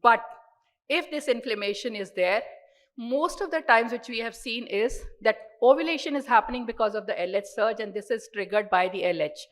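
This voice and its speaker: A woman's voice: fairly high pitch, expressive, normal speed, rough recording. Indian woman giving a medical lecture. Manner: earnest, explanatory, stresses key words by repeating them. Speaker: doctor giving a conference lecture.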